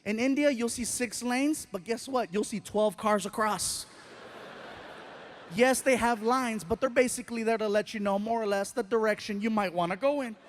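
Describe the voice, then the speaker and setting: A man doing stand-up before a live audience, telling an animated story and acting out the scenes. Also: high voice, normal speed, a little hiss or hum. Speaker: stand-up comedian. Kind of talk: stand-up routine.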